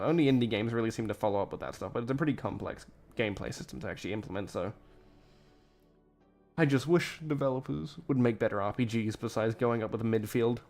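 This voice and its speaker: A man's voice: mid-range voice, darkish tone. A tired man streaming and reacting to a clip, rambling and blunt in casual commentary, cursing freely.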